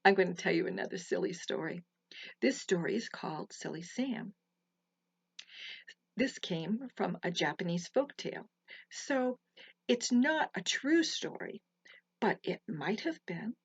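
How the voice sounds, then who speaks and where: Gentle lady telling kids stories, hushed and husky, dry muffled audio. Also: mid-range voice, lively intonation, measured pace, pauses often, no room sound. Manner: soft, gentle, hushed asides. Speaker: storyteller. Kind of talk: storytelling for children. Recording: slightly muffled, dry recording.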